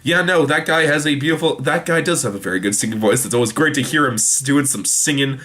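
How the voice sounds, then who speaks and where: In a bright, forceful, mid-range voice, a young man talks through a TV episode he's reviewing. The recap is casual and meandering, packed with fillers and restarts, and he mimics characters in quick voices.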